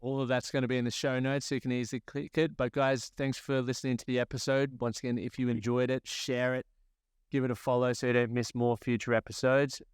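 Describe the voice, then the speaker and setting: A man's voice: mid-range voice, level tone, fast talker, clear, resonant tone, no echo, studio quality. A man hosting a podcast, wrapping up in a friendly, laid-back way. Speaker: podcast host. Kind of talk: casual podcast interview.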